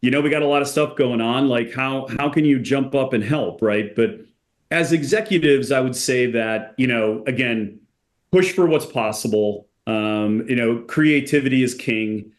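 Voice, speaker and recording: A man's voice: mid-range voice, moderate pace. Exec guy on a podcast, laid-back, lots of "you know", perks up telling stories. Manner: relaxed, frequent "you know" and "like" fillers, animated when telling stories. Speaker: company executive guest. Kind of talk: conversational podcast interview.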